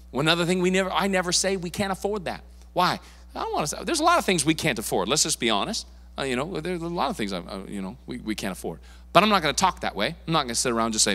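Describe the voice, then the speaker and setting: A man's voice: fairly high pitch, sing-song, a bit bright. Emphatic preaching man in a reverberant hall. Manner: conversational, emphatic preaching with quick asides and repeated words. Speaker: pastor. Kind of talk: sermon. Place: church sanctuary. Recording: long reverb of a church hall.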